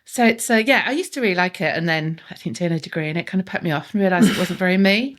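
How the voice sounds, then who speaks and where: A woman's voice: lowish voice, fast talker, a bit bright. Laughing woman interview guest. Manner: laughs often, rambling and self-deprecating. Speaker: guest, PR agency founder. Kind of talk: casual interview chat.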